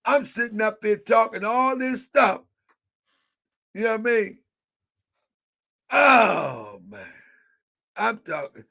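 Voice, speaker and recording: A man hosting a live online show, chatting casually, with a repetitive, excitable, joking manner. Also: high voice, gravelly. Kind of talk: casual livestream chat.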